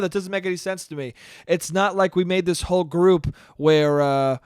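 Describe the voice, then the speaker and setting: A man's voice: fairly high pitch, fairly even intonation, quick pace, smooth, no echo, studio quality. A young man hosting a solo podcast, ranting casually with exasperation and plenty of profanity. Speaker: podcast host.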